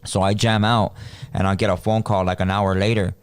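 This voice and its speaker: Clear and resonant, this man's lowish voice moves a little fast, with no room sound around it. He's a podcast co-host telling a story casually, full of slang and animated impressions of the people he quotes.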